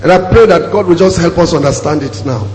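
A man's voice: on the high side, animated, brisk, noisy background. A man preaching a sermon as pastor, emphatic and repeating his key phrases to the congregation. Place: church hall. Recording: echoey hall with long reverb.

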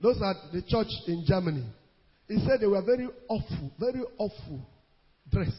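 A male preacher delivering an emphatic sermon. He stretches scripture quotes out slowly and rises into shouts. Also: high voice, lively intonation, husky. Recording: lo-fi recording in a reverberant hall.

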